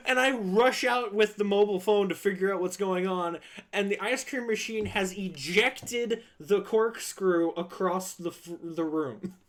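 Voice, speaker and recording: High-voiced man telling a wild story. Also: measured pace. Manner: animated, acts out voices, swears freely. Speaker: streamer. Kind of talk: casual storytelling on stream.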